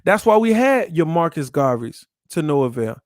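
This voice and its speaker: A man preaching from scripture in a high voice that swings widely up and down. He hammers his points with repeated rhetorical questions and sounds dry and close to the mic. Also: very animated, normal speed, no echo. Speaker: podcast host.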